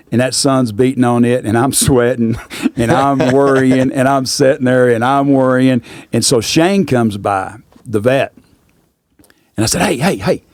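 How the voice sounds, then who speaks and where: A man's voice: medium pitch, a little mellow, no room sound. Man telling a rambling rodeo story. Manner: drawling, rambling anecdote with repeated "I said". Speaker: rodeo announcer and guest. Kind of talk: casual storytelling.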